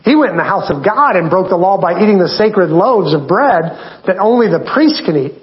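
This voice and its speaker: A man's voice: high-pitched, expressive, moderate pace, roomy sound. A man preaching a casual sermon, conversational and joking, often breaking off with fillers. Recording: dull lo-fi sound.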